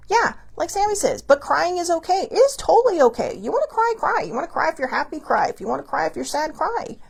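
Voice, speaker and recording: A woman hosting her own show, talking casually and candidly, with animated asides and a bit of swearing. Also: a little high, gravelly. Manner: animated, many quick asides. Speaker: podcast host. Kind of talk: casual solo talk.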